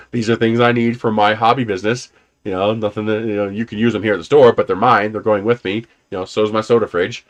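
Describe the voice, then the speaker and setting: A man's voice: fairly low pitch, steady tone, brisk. A man casually rambling through personal stories on a livestream, laughing often and swearing now and then. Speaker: livestream host.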